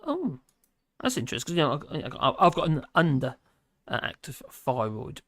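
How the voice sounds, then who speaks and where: Norfolk-accented male streamer with a somewhat high voice in a dry room, rambling and self-deprecating as he reads chat. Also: very animated, moderate pace, fairly bright tone, no room sound. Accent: Norfolk English. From England. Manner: rambling, hesitant, filler-heavy; chuckles easily, self-deprecating. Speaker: livestream host reading chat. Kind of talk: casual livestream chat. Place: home in rural France.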